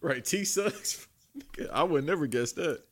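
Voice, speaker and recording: Bright-voiced man joking in slangy chat. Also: on the high side, lively intonation, takes it slowly. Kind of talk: casual chat.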